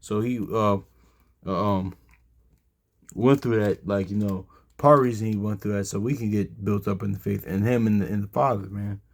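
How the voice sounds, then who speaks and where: A man's voice: on the low side, fairly even intonation, moderate pace, creaky. A tired man giving a casual Bible study talk, rambling with lots of fillers and reading verses aloud. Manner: rambling, heavy fillers, reads scripture aloud. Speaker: Bible teacher.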